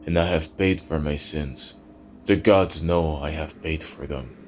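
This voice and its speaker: A man's voice: a bass voice, steady tone, unhurried, a little hiss or hum. A man voicing a weary, guilt-ridden warrior priest, pleading desperately. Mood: remorseful.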